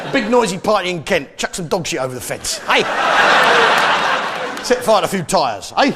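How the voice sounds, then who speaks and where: A man's voice: high voice, big pitch swings, takes it slowly, long pauses. An Englishman doing sweary, mock-patriotic stand-up comedy, with audience laughter behind him. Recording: live show with crowd noise.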